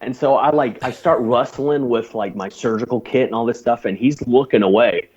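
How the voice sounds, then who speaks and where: A man's voice: medium pitch, normal speed, slightly rough, highs cut off. A man who is a former navy corpsman, telling a long war story as a podcast guest, swearing freely and laughing as he goes. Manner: profane, animated, laughs while telling. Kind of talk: casual storytelling.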